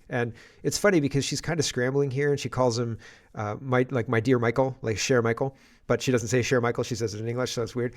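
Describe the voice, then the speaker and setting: A man hosting a political commentary stream, talking in a rambling, exasperated and sarcastic way. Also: medium pitch.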